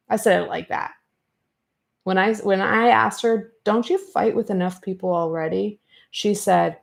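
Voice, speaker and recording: A woman hosting a commentary podcast, retelling an online feud in an animated, fired-up way and acting out the exchanges. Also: mid-range voice, moderate pace, vocal fry. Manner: animated, fired-up retelling with quoted back-and-forth. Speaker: podcast host.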